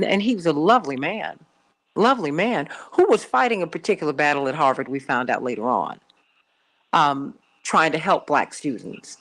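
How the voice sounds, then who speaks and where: A woman's voice: low voice, animated, moderate pace, fairly bright tone. A middle-aged woman from Chicago hosting a call-in radio show, telling a personal story emphatically and repeating herself for stress. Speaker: radio talk show host.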